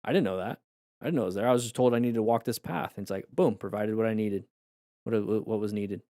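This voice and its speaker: Hoarse man musing on a live stream. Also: lowish voice, fast, dark tone, dry recording, studio quality. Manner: reflective and rambling, with many restarts and fillers. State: voice going hoarse. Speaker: motorcycle riding coach streaming live. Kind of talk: casual live-stream chat with viewers.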